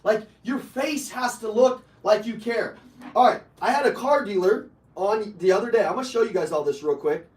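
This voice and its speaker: Brief: fired-up male sales trainer, high voice, heard from a distance in an echoey room, blunt and a bit crude. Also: moderate pace. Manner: brash, profane, fired-up coaching, bursts into shouting. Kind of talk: live motivational sales training. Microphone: online video call.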